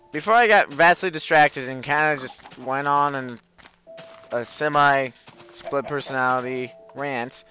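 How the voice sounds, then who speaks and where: A man's voice: medium pitch, bright, forceful tone. A man doing goofy, rambling Let's Play commentary, breaking into whiny mock-crying outbursts. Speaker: gamer, channel host.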